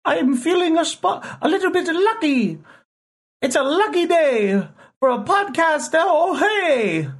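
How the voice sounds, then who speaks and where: A man voicing a cheeky male leprechaun cereal mascot in a high sing-song voice, with a poor put-on Irish accent that slides toward British. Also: big pitch swings, slow, full character voice. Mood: chipper. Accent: poor put-on Irish drifting British. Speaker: podcast host.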